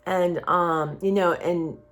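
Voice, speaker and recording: A woman's voice: fairly low pitch, fairly even intonation, slow pace, fairly bright tone. A woman talking candidly in a personal vlog, rambling and heartfelt in a confiding way. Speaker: vlogger.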